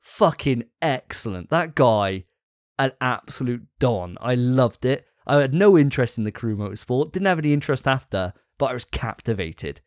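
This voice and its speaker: A man's voice: mid-range voice, animated, moderate pace, no echo, clean studio sound. A man hosting a gaming podcast in casual chat, enthusiastic and profane and laughing often. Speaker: podcast host.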